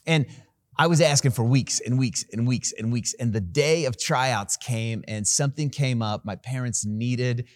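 A man preaching from the pulpit who leans into a personal story with animated, self-mocking humor. His voice sits at a middle pitch, and the sound is dry and close with no room around it. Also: a little slow, no room sound. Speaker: pastor.

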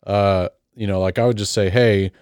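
Low-voiced rambling, teasing man. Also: fairly even intonation, brisk, a little mellow, clean tone, no echo, clean studio sound. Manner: rambling and teasing, with frequent fillers. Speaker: podcast co-host. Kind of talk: casual chat.

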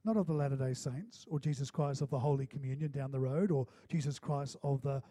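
A male pastor delivering a sermon to a congregation in a conversational, animated way, with rhetorical questions. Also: mid-range voice, fairly quick. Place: church hall.

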